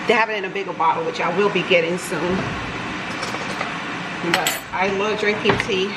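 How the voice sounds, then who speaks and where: Speaking at a normal speed, this woman has a lowish, steady voice, captured on very noisy audio. She's a Georgia-born vlogger and mom chatting with viewers into a handheld camera in her kitchen, full of warm asides.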